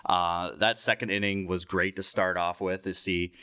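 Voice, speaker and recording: A man's voice: deep voice, moderate pace, clean tone, dry recording, clean studio sound. A man co-hosting a podcast, telling stories in casual chat with frequent laughter and swearing. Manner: laughing, animated storytelling with swearing. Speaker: podcast co-host.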